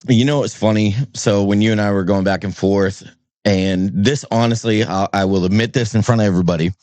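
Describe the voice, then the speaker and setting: A man from New Hampshire, a podcast guest, talking in an energetic, playful way and mimicking voices. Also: fairly low pitch, a little fast, dry recording. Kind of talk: casual podcast chat.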